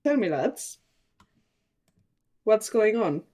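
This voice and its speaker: A woman's voice: medium pitch, sing-song, takes it slowly, warm tone. A woman narrating as game master in a tabletop game, hesitant and searching for words, often giggling.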